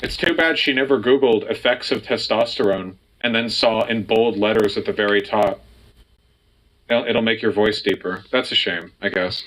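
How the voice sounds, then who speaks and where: A man's voice: on the low side, moderate pace, a bit bright, slight background noise, poor audio. A man co-hosting a casual reaction commentary, sarcastic and incredulous. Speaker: co-host reacting to videos.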